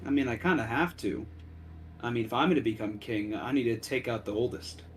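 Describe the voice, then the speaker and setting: A man's voice: medium pitch, a little fast, slight background noise. Easygoing man playing a tabletop character. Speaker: player.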